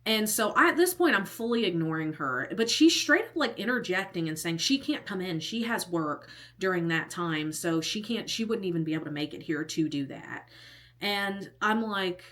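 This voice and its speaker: A woman in her thirties tells a casual storytime in a slightly low voice. She is chatty and exasperated, stumbling over restarts as she acts out what others said. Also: animated, moderate pace, a bit bright. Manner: chatty and exasperated, many restarts and quoted dialogue. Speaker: vlogger.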